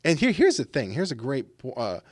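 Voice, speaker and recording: A man's voice: medium pitch, wildly swooping pitch, brisk, darkish tone, no room sound, studio quality. A man in casual podcast chat, telling a rambling story and acting out the voices of people he quotes. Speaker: podcast guest.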